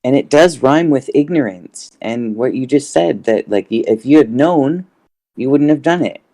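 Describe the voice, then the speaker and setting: A man's voice: mid-range voice, expressive, normal speed, mellow, dry recording. A man in a casual roundtable discussion, musing and hesitant as he thinks aloud. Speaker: roundtable guest.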